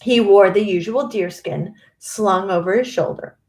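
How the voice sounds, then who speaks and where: Woman reading a storybook aloud. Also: medium pitch. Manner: expressive, unhurried.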